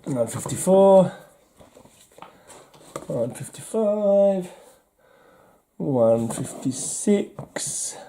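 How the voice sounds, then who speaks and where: A man's voice: high-pitched, animated, drawn-out words, long pauses, warm tone, a little hiss or hum. An English man in casual vlog talk, wryly chuckling and mocking himself as he sorts through his comics. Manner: wry, chuckling, self-mocking. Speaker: comic collector vlogger.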